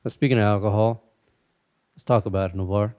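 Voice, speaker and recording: A man's voice: lowish voice, fairly even intonation, fairly quick, mellow. A man co-hosting a podcast, chatting casually and telling crude stories with lots of laughter. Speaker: podcast co-host. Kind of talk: casual chat.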